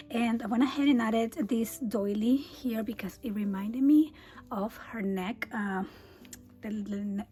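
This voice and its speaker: Female crafter, fairly high voice going breathy and hoarse, relaxed chatty tutorial delivery. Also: low-quality recording. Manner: chatty, easygoing, frequent um and uh. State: losing her voice, often drops to a breathy whisper. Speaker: scrapbooking crafter. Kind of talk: casual craft album walkthrough.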